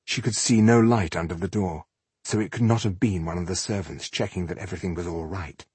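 A man with a deep voice and a breathy edge narrates a fantasy audiobook, telling the story in a measured, even manner. The recording has no room sound.

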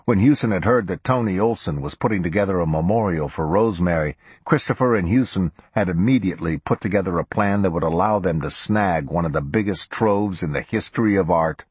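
A male narrator reads a crime audiobook in a steady, measured voice. His voice sits very low and husky, and the recording is dry and close with no room sound. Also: no echo. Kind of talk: scripted narration.

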